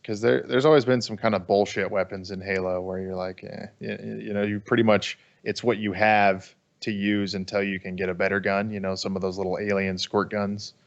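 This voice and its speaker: Man, co-host, dry and wry, deep-ish voice, somewhat muffled recording. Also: little pitch movement, creaky. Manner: dry, wry, quick to rant. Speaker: podcast co-host. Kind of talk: casual podcast chat.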